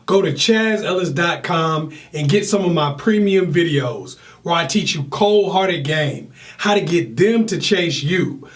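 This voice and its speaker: A man's voice: fairly high pitch, roomy sound, poor audio. A man hosting a casual livestream, talking bluntly and joking as he preaches his point. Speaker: livestream host.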